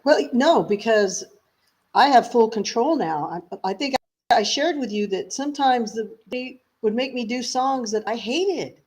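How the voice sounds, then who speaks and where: A woman's voice: a little high, expressive, unhurried, a little mellow, breathy edge. A woman singer as an interview guest, speaking frankly and animatedly, often acting out her own past remarks. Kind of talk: casual interview chat.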